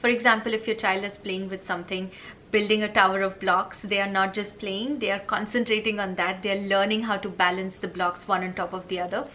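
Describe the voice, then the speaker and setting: A woman's voice: medium pitch, little pitch movement, fairly quick, sharp tone, slight background noise. A woman vlogging parenting advice in a casual, earnest, explanatory way, often checking in with "right?". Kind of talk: casual advice talk to camera.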